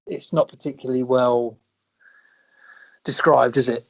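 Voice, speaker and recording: A man's voice: mid-range voice, steady tone, unhurried, creaky. A British man co-hosting a podcast, chatting casually about a film, laughing and acting out quoted lines. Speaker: podcast co-host. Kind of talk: casual film review chat. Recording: dull lo-fi sound.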